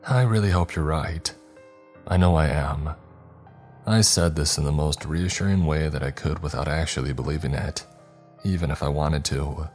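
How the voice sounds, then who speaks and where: A man narrating a scary story in a measured, somber way, as scripted narration. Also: extremely low pitch. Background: faint music.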